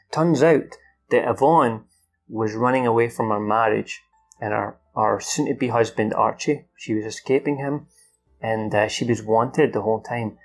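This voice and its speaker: A man's voice: mid-range voice, steady tone, fairly quick, soft background music. A man recapping a film's plot off the cuff, swearing often and acting out the characters' lines. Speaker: film reviewer.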